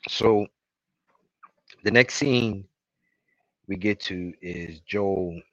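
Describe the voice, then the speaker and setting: A man with a bright, forceful voice talks at an unhurried pace. He retells scenes in loose podcast chat and now and then bursts out, loud and worked up. The sound is dry and close. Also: low-pitched, no room sound, rough recording. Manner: animated, swings into loud exasperated outbursts. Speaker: podcast co-host. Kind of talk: casual recap chat.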